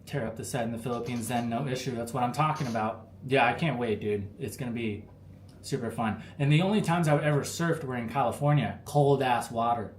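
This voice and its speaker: A relaxed American man talks to his live chat in an easygoing, rambling way, filling gaps with "like" and "you know." His voice sits at an ordinary pitch for a man. The room around him is echoey, with a faint background hum. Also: fairly quick. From United States. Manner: laid-back, rambling, lots of fillers. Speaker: livestream host answering chat. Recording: roomy with faint ambience.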